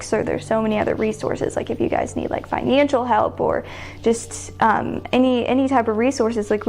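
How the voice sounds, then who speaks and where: A woman's voice: on the high side, a little mellow. A young woman in an interview, telling a story casually and filling her speech with "like.". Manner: chatty, heavy use of "like" fillers. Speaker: sidewalk counselor guest.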